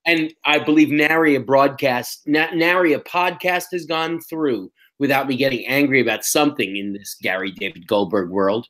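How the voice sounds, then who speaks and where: A man's voice: medium pitch, normal speed, hardly any pauses, fairly bright tone, poor audio. An older man with a New York accent, co-hosting a casual podcast chat in a rambling, self-interrupting way. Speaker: podcast co-host and teacher.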